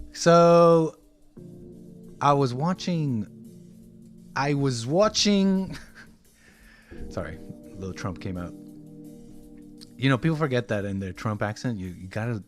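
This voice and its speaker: A man in his twenties hosting a casual livestream, rambling and reading viewer messages aloud. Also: fairly low pitch. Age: 20s. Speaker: livestream host.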